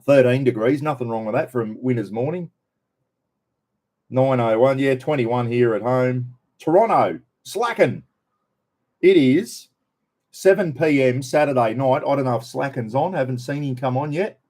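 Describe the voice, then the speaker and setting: A man's voice: medium pitch, normal speed, a little mellow. Chatty older Australian man. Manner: chatty, greets viewers by name. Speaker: host of a live stream. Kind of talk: casual live-stream chat.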